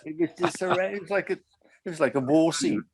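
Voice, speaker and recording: A man's voice: on the high side, fast. An older man in a casual chat, recounting a story in a conversational way. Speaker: guest.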